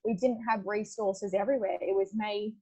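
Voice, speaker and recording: A young woman, a podcast guest, telling a story in casual chat, animated and quick to laugh, acting out what others said. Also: medium pitch, breathy edge, lo-fi sound. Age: young adult. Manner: animated, laughs often, acts out quoted lines.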